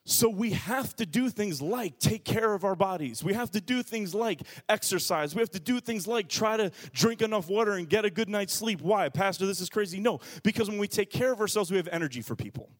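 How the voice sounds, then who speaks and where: Animated man preaching a sermon. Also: high-pitched, a little fast, hardly any pauses. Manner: animated preaching, shifting from hushed to shouted, acts out quotes. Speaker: pastor.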